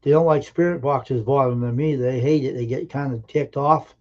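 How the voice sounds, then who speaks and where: A man telling personal anecdotes on a live stream in an earnest, emphatic way, with halting restarts. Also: mid-range voice, fairly even intonation, a little mellow, muffled recording. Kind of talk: casual storytelling on a live stream.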